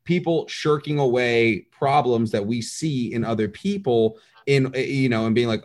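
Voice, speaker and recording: A man co-hosting a casual podcast, talking in an animated, rambling way and acting out quotes. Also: mid-range voice, moderate pace, hardly any pauses. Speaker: podcast co-host. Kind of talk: casual chat.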